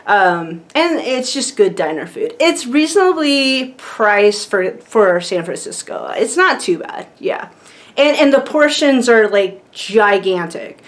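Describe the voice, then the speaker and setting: A woman's voice: a little high, big pitch swings, slow pace. A woman vlogger chatting casually to camera, rambling with lots of fillers and frequent laughs.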